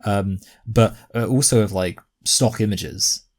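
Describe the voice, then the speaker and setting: A young man talks through his reaction commentary in a lowish voice. He rambles with plenty of fillers and slides into exasperation. The talk is loose and unscripted. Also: a little slow.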